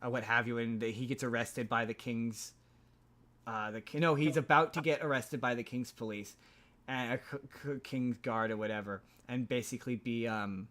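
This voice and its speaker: A man's voice: mid-range voice, fairly even intonation, normal speed, a bit bright. A man hosting a podcast, recapping a movie plot in a loose, rambling way with many restarts. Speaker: podcast host.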